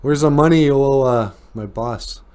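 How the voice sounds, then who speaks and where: A man voicing a gruff, kind-hearted working-class male boxer who talks in streetwise slang. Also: mid-range voice, normal speed, a little mellow, pitched above the performer's own voice, lightly acted.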